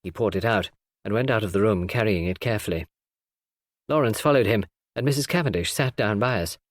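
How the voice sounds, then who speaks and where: A man narrating a classic novel in a measured storytelling read. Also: on the low side, dry recording, studio quality. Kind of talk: audiobook narration.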